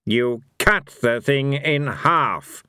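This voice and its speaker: A man voicing a cold, proud male god of fate with a measured way of speaking. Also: medium pitch, sharp tone, clean tone, no echo, pitched above the performer's own voice.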